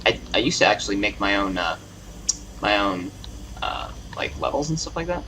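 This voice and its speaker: Man, gamer, casual commentary, hesitant and rambling, lower voice, distant mic, background noise. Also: sing-song, moderate pace. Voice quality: rambling, hesitant, many fillers. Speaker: gamer playing a video game.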